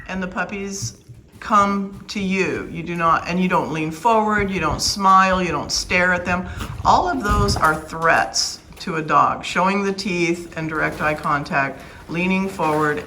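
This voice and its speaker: A woman with a lowish voice talks firmly and emphatically about caring for new puppies. Her tone is plain-spoken and strict in a casual vlog. Faint background noise sits under her voice. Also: sharp tone, low-quality recording. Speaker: dog breeder.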